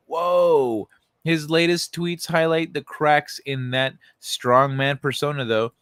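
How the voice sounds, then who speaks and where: A man's voice: on the high side, steady tone, slow pace, a bit bright, smooth, no echo. A man hosting a casual livestream, reading news articles aloud and joking sarcastically with chat, often swearing and laughing. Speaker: livestream host.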